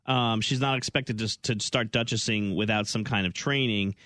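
Bright-voiced chatty male radio host. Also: on the low side, moderate pace, no echo. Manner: lively, chatty, jokey. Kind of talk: morning radio banter. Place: radio studio.

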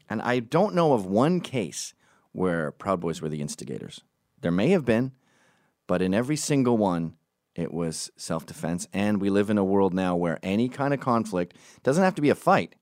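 A man's voice: lowish voice, no echo, clean studio sound. A man telling stories in a casual monologue, rambling, swearing and going off on tangents while acting out the people he quotes. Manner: rambling, profane, goes off on tangents; lively, acts out quoted voices.

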